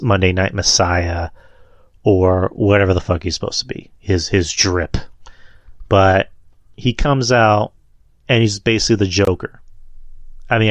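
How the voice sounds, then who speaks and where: A man's voice: low voice, dry recording. A man hosting a wrestling podcast, reviewing matches in a loose, rambling way and swearing freely. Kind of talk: casual solo show review.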